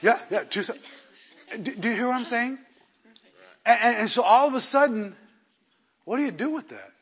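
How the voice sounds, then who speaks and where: High, bright-voiced preaching pastor. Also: male voice, a little hiss or hum. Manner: animated preaching, swings between loud emphasis and quiet asides, acts out quotes. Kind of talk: sermon.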